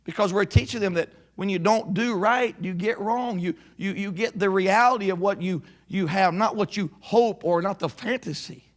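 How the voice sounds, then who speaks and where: Brief: male preacher, high tenor voice, animated delivery. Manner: animated, slows to stress points. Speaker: pastor. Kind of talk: sermon.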